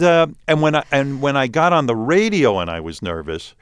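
Medium in pitch and fairly quick, a man in his sixties with a New York accent comes through clean studio audio free of room sound. As a radio host being interviewed, he tells stories with animation in relaxed talk, often restarting.

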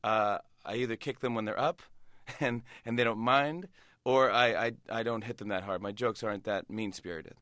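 A male comedian, a guest in an interview, telling stories in an animated way with frequent restarts. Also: lowish voice, no room sound, studio quality. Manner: animated, many restarts, quick laughs. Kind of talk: casual interview storytelling.

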